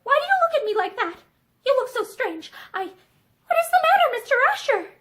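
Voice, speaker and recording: A woman reading aloud and voicing a lively, teasing young society woman. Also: very high voice, exaggerated voice. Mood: alarmed. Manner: bright, teasing, quick to challenge.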